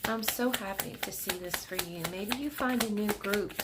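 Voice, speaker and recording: A middle-aged woman giving a pick-a-card tarot reading at her desk at home, speaking gently and emotionally, with soothing pauses. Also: mid-range voice, heavy background noise.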